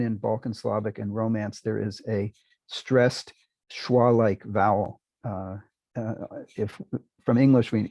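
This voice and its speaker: Hesitant older male professor, gravelly and dry. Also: lowish voice, dark tone, no echo, low-quality recording. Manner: hesitant, many fillers and restarts; clears throat now and then. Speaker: linguistics professor. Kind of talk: university lecture.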